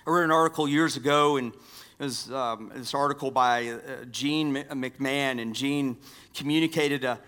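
A pastor giving a sermon, repeating key phrases and dropping from strong emphasis to near-whispers. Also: male voice, medium pitch, normal speed, clear, resonant tone. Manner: dynamic swings from loud emphasis to hushed near-whispers.

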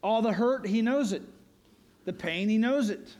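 Male pastor, high voice, earnest emphatic sermon delivery with repeated refrains. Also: unhurried, darkish tone.

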